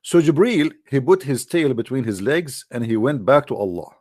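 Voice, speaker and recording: A man's voice: medium pitch, animated, normal speed, darkish tone, dry recording, studio quality. A man from the Middle East, telling a story in a sarcastic, mocking way. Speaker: religious debater. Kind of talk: polemical storytelling talk.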